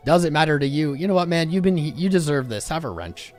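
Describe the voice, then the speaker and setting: A man hosting a crypto live stream, chatting casually and shouting out viewers with a loose, jokey manner that jumps in pace and loudness. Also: a little high, expressive, a little fast, soft background music. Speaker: crypto livestream host.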